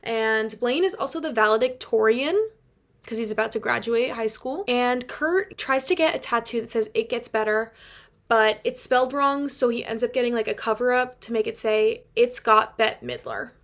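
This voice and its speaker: A young woman with a fairly high voice narrates a casual video essay. She talks like an excited fan, leans on fillers and drops the odd swear word. Her voice sits above the usual range for a woman. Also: moderate pace. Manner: chatty, gushing fan, heavy on fillers.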